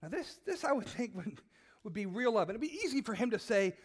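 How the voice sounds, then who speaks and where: A man's voice: sits high, big pitch swings, fairly quick, breathy edge. A middle-aged man preaching a conversational sermon, repeating words and asking his listeners questions. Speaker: pastor.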